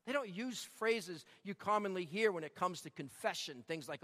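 A man's voice: sits high, lively intonation, moderate pace, hardly any pauses, fairly bright tone, long reverb tail. A man preaching a sermon, telling stories and repeating key lines for emphasis. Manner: storytelling with emphatic repetition. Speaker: pastor.

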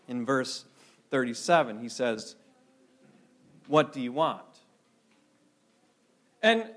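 Casting: high-pitched male pastor from Minnesota, animated storyteller, sermon in a church. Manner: animated storytelling with repeated restarts.

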